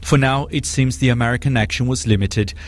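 Male correspondent, mid-pitched, measured and analytical. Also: no echo. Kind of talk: scripted news report.

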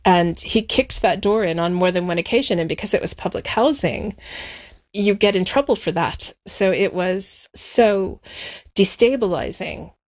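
A woman speaking in an interview, recalling her past at an unhurried, thoughtful pace. Her voice sits at an ordinary middle pitch. She slows down and lets the heavier moments settle. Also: darkish tone. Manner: measured, reflective storytelling, slowing on painful moments. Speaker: interview guest. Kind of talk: personal recollection in interview.

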